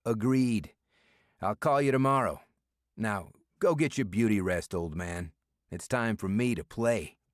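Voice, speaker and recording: A man's voice: on the low side, measured pace, no echo, clean studio sound, pitched above the performer's own voice, close to an everyday voice. A man voicing a brash male friend who teases and pushes in banter, in an audiobook. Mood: cocky. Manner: pushy, ribbing banter. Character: brash, teasing male friend and city official.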